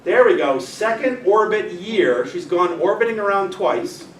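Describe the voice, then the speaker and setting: A man's voice: sits high, animated, measured pace. A man giving an informal astronomy lecture to a club, chatty, directing helpers through a demonstration and joking with the audience. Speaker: physics teacher giving a club talk. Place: meeting room with an audience. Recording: echoey room, mic far off, faint noise.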